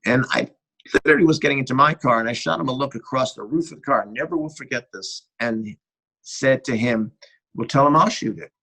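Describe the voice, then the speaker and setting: Husky-voiced American man telling stories. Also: medium pitch, fairly quick, low-quality recording. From United States. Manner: animated anecdotal storyteller who acts out dialogue. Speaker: guest cinematographer. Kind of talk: casual interview storytelling.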